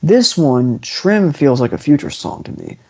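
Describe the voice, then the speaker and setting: A man's voice: on the high side, sing-song, unhurried, a little mellow. A man hosting a podcast, talking through an album in a casual, rambling way with lots of restarts. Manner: rambling, restarts often, enthusiastic. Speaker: podcast host. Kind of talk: casual music discussion. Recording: dull lo-fi podcast audio.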